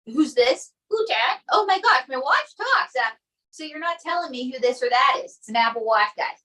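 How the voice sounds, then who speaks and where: Bright-voiced playful woman comedian. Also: high voice, fairly quick, poor audio. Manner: animated, playful. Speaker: improv comedian. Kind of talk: improv sketch.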